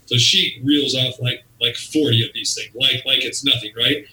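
Speaking at normal speed in a medium pitch, this male wrestling promoter recounts a story animatedly during an interview, performing the quotes of its characters. The audio is roomy, captured from a distance.

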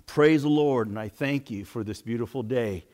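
A man voicing a devout elderly woman who shouts her praise to God at the top of her lungs. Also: medium pitch, moderate pace, pitched below the performer's own voice, lightly acted. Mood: pleading.

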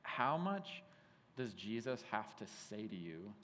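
A man in his thirties preaching a sermon in a casual, animated way, telling stories with lots of "like". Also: on the low side, measured pace, a little hiss or hum. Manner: casual, animated storytelling with frequent "like". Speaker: pastor. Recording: hall reverb.

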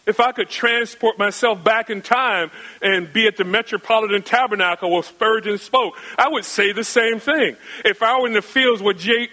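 A male pastor preaching with a bright, forceful and fairly high voice. He builds his sermon on rhetorical questions and emphatic repetition, and his delivery swings between raised and hushed passages. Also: poor audio. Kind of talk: expository sermon.

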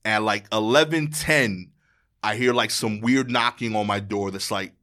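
A young man tells a story as a podcast guest. He talks in quick, slangy runs and keeps the delivery animated. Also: on the low side. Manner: animated, slangy, fast-running anecdote. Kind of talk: casual storytelling.

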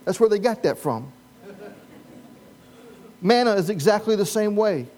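High-voiced man preaching a lively sermon. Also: a little slow. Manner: animated, humorous preaching with audience prompts. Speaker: pastor.

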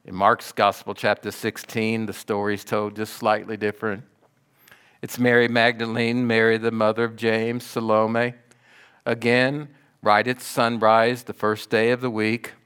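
A man preaching a sermon, retelling the story slowly and dramatically with emphatic swells. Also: fairly low pitch, little pitch movement, a bit bright, smooth.

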